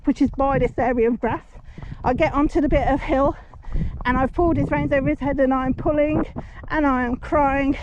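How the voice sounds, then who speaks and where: A woman talks casually from horseback on a busy road, telling a story and murmuring praise to her horse. Her voice sits high. The muffled, dull recording is full of traffic noise. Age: 40s. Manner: chatty, soothing her horse, thanking passing drivers. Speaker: horse rider vlogger. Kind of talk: casual story-time chat while riding. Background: passing traffic.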